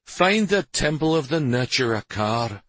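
A man voicing a stern, commanding adult prince who speaks in measured, imperious tones, in a storybook reading. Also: medium pitch, very animated, fairly bright tone, dry recording, pitched above the performer's own voice. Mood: fatherly.

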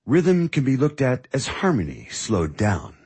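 A man voicing a patient, teasing music teacher in measured audiobook dialogue. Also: mid-range voice, huge pitch swings, darkish tone, slightly rough, heavily acted. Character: calm, wry male music teacher. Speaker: music mentor.

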